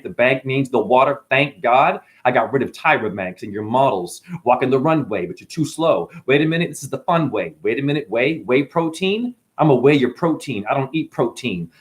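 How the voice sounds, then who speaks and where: A man performing freestyle spoken-word rhymes, stream-of-consciousness wordplay that swings between low murmurs and sudden high bursts.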